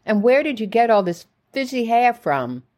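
A woman's voice: on the high side, very animated, moderate pace, darkish tone, voice pushed up. Woman reading jovial father, coaxing, teasing, doting, memoir audiobook. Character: doting, breezy father visiting his daughters.

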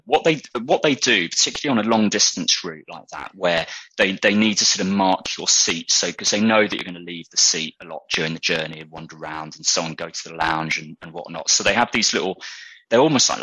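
Deep husky-voiced British man. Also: sharp tone, no echo, poor audio. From Britain. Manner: thoughtful, with frequent restarts. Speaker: interview guest. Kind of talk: casual conversational interview.

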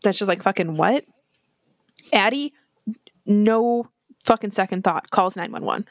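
A woman at a podcast mic, her voice close and dry with no room around it. She retells a horror film's plot in loose, chatty talk, drops the odd curse, and slips into quick impressions of the characters. Her pitch sits in the middle. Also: no room sound. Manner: animated, swears freely, acts out characters' lines in quick impressions. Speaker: podcast co-host recapping a horror film. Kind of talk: casual chat.

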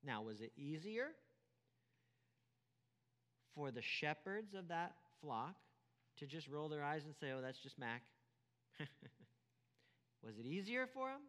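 A man's voice: a little high, big pitch swings, slow, long pauses, a bit bright, long reverb tail. A man preaching a sermon as pastor, emphatic, repeating key phrases and asking rhetorical questions.

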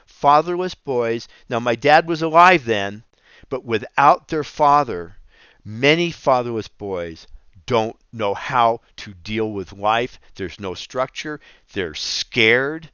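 A middle-aged man giving an earnest personal testimony in a sermon, telling his story in halting, emphatic phrases with repeats. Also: medium pitch, a bit bright, smooth, no room sound. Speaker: Christian speaker. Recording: dull dry lo-fi audio.

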